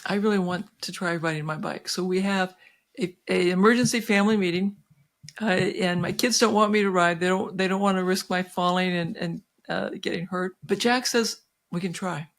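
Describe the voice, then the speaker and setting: A woman's voice: on the low side, normal speed. A woman in her sixties, a physician guest, telling a personal story in an interview with many restarts and fillers, animating her tale. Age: 60s. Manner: animated, acting out quoted voices.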